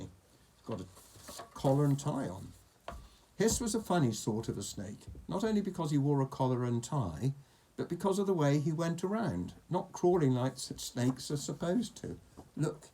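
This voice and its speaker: A man's voice: medium pitch, mellow, a little hiss or hum. A man reading a picture book aloud to a child, with playful, chatty asides.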